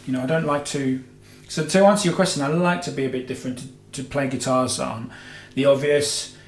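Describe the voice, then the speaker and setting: Casual male host, mid pitch, meandering and chatty, recorded in an echoey room. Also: fairly even intonation, fairly quick. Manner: rambling, heavy with filler "you know"s and self-corrections. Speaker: guitar show host. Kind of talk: casual Q&A chat. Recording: roomy echo with faint music.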